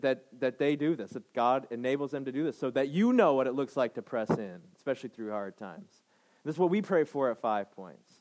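With a medium-pitched, slightly mellow voice, a pastor in his thirties preaches to a congregation. His delivery is emphatic, full of repeated phrases and check-ins of "right?"

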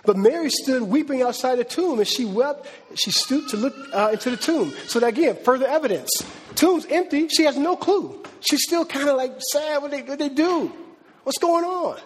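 A man preaching a sermon as a pastor, in a conversational, animated style with slangy asides. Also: very high voice, moderate pace. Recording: reverberant hall.

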